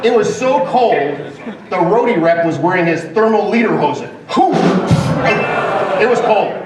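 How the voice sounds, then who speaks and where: A man's voice: high voice, animated, normal speed, music in the background. A man appearing as a guest on a live stage show, bantering playfully with comic setups and punchlines. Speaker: guest executive. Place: large event hall with audience. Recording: echoey hall from far off, crowd behind.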